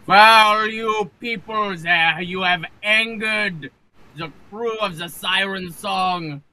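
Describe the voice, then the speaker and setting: A man's voice: high-pitched, takes it slowly, pitched above the performer's own voice, exaggerated voice, low-quality recording. A man voicing a drunk, pompous pirate captain and sorcerer who bellows threats. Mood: bombastic. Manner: bombastic, shouting threats.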